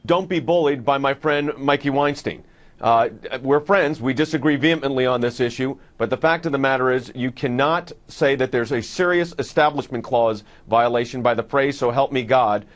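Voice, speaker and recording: A man's voice: mid-range voice, fairly quick. Male legal voice, news clip, firm and assured. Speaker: legal commentator. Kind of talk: news soundbite.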